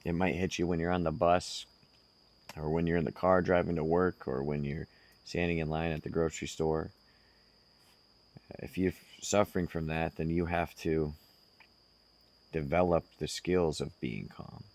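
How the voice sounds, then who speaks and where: A man speaking slowly and earnestly, giving direct self-help advice to the listener. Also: low voice, flat delivery, a little mellow. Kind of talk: casual advice monologue.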